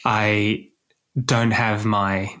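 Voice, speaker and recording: Guy hosting a medical podcast, measured explainer with dry jokes. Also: lowish voice, flat delivery, sharp tone. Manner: measured, explanatory, dryly joking. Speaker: podcast co-host. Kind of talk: casual medical podcast chat.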